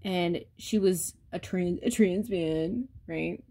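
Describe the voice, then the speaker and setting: Her voice is fairly low, gravelly and mellow, and she speaks slowly. In a casual rant to camera, this woman vlogger talks straight to her viewers, blunt and profane.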